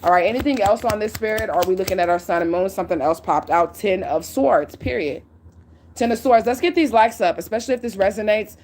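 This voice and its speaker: A woman's voice: medium pitch, brisk, a little mellow, slight background noise. A woman giving a casual tarot reading at home. She talks bluntly and swears, and she drives her points home with "okay?" and "period". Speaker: tarot reader. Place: at home near a window.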